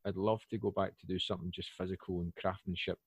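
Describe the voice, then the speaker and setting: A Scottish man in his forties talks casually as a podcast guest. His voice sits low, and he jumps into loud, animated asides. The sound is dry and close to the mic. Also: fast, husky, dry recording. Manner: animated storyteller, bursts up loudly for asides.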